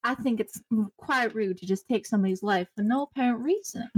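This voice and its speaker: A woman voicing a lively, folksy six-foot female elf cowgirl in a tabletop game, bubbly and eager. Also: on the high side, fairly quick, dry recording, close to an everyday voice.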